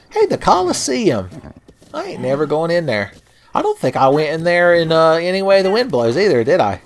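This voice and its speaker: A man's voice: a little high, wildly swooping pitch, moderate pace, slight background noise. Joking, foul-mouthed gaming streamer man. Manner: profane, joking, laughs often. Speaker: let's play host. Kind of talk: casual gaming commentary. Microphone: home mic, close.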